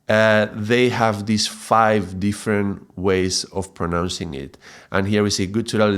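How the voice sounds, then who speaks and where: A man explains a lesson in a somewhat low voice. He talks haltingly, repeating and restarting words and checking in with a quick "yeah?" as he goes. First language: Spanish. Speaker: mantra teacher.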